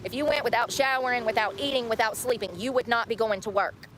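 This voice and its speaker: A woman who livestreams herself, ranting at a fast clip and circling back over her own points. Her voice sits a little high. Faint background noise runs under her talk. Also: steady tone, a bit bright. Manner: ranting, indignant, repeats herself.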